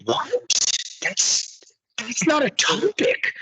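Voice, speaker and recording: A man's voice: very high-pitched, big pitch swings, slow pace, pushed and bright, breathy edge, rough recording. A man co-hosting a podcast, talking casually in a profane, ranting way. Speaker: podcast co-host.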